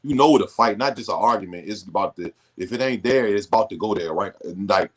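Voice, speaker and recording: A man's voice: fairly low pitch, fast, poor audio. A man hosting a live stream in casual chat, laid-back and slangy, often restarting his sentences. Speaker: streamer host.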